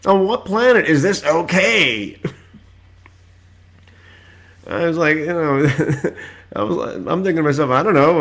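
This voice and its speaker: A man in his forties hosting his own podcast, telling stories in a rambling casual rant full of filler words and loud exasperated outbursts. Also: a little high, expressive, a little slow, pauses often. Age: 40s. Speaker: podcast host.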